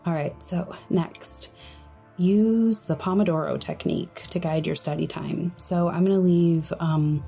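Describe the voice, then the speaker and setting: Young woman podcaster, low breathy hushed voice, soft and mellow, quiet late-night talk. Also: takes it slowly, soft background music. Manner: hushed, soft-spoken, friendly. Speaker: podcast host. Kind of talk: solo podcast advice.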